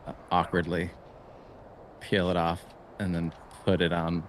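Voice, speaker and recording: A man's voice: deep voice, completely flat delivery, a little slow, a little hiss or hum. A man playing a tabletop game, casually describing what his character does. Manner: casual, hedging. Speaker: player.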